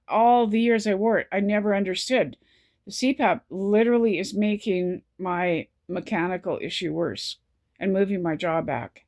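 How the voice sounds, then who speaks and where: A woman's voice: mid-range voice, darkish tone. Exhausted, tearful woman venting. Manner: distressed, repetitive, halting speech. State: exhausted from lack of sleep; close to tears. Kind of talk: personal vlog confession.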